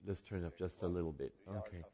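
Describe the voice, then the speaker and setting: A man's voice: sits low, fast talker, mellow, highs cut off. An older man giving an informal talk to a group, rambling with asides and self-corrections. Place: room with an audience.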